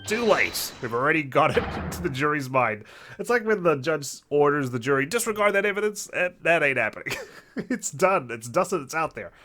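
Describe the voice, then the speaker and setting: A man chatting and joking as he plays a game, his voice pitched a little high. Game music plays clearly under his commentary throughout. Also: animated, normal speed, bright, forceful tone. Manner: joking, laughs often. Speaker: let's play gamer. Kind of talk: casual gameplay commentary.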